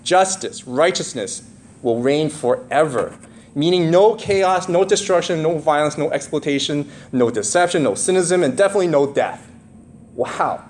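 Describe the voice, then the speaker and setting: Animated man preaching a sermon. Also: a little high, moderate pace, slight background noise. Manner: animated, rising to read scripture, conversational asides. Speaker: pastor.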